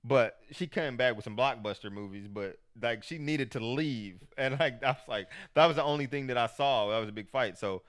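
A man with a smooth, clear voice tells candid stories in loose, profane casual talk. His pitch sits at an ordinary middle height for a man. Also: normal speed, hardly any pauses, a bit bright. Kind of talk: casual chat.

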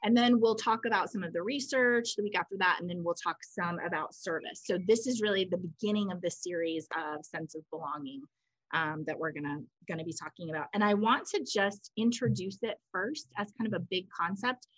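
A woman co-host talks through ideas in a relaxed, chatty way and slips into quick quoted voices as she tells stories. Her voice sits at an ordinary middle pitch. The recording is close and dry, with no room echo. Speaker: podcast co-host. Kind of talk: casual conversational explanation.

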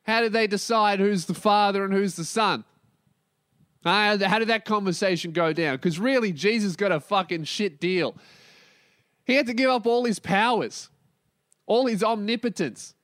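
A young man rants loudly on his own podcast, swearing constantly and hopping from one topic to the next. His voice sits fairly high, and the recording is dry with no room sound. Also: normal speed, dry recording. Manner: profane, yelling and ranting, jumps between topics. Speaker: podcast host. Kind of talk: solo comedic podcast rant.

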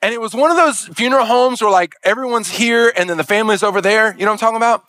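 Man, pastor, sermon story, halting restarts, fairly high voice, dry sound. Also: bright, forceful tone, no echo.

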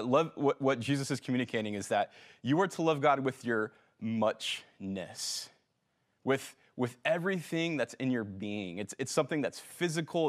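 A middle-aged male pastor gives a sermon in a loose, conversational style. His voice sits at an ordinary pitch, and he often pauses with fillers and corrects himself mid-sentence. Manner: conversational, relaxed preaching with fillers and self-corrections.

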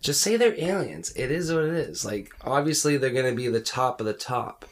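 A man's voice: medium pitch, big pitch swings, brisk. A man in a casual group chat who keeps cutting in to argue his point bluntly. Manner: blunt, argumentative.

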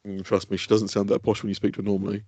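A man, co-hosting a podcast in casual chat, animated and laughing, swearing freely. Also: fairly low pitch, very fast, breathy edge, dry recording. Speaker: podcast co-host. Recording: dull lo-fi sound.

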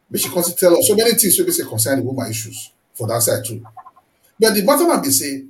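A Nigerian man hosts the interview, his voice pitched high and moving all over. He asks long, rambling questions full of praise. The room echoes around him. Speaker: interview host. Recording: roomy echo.

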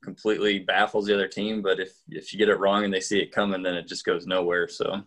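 A man co-hosting a casual sports podcast, measured and hedging, with many fillers. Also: sits low, flat delivery, a bit bright. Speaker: podcast co-host.

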